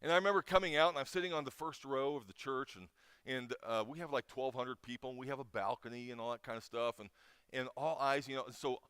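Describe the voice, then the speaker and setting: A man's voice: medium pitch, steady tone, fast talker, a bit bright, smooth, dry recording, clean studio sound. Emotional middle-aged man telling a story. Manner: emotional storyteller with many restarts. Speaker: chapel speaker. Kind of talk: informal chapel talk.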